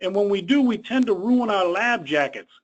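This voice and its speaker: A man voicing a Texan caller with a put-on Texas accent, slow and folksy, raised above his own voice. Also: sits high, lively intonation, dull audio. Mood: earnest. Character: drawling Texan man asking about lab jackets.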